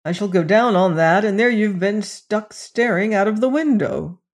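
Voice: medium pitch, normal speed, pitched above the performer's own voice, natural voice. A reader voicing a snappish young medical student. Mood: irritable. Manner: snappish, sly. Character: irritable, studious young male medical student.

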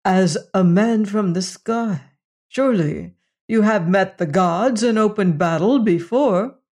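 A reader voicing a gentle, sorrowful alien villager who speaks in formal, old-fashioned phrases, in an audiobook story. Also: medium pitch, measured pace, lightly acted. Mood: sorrowful, pleading. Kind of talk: audiobook reading.

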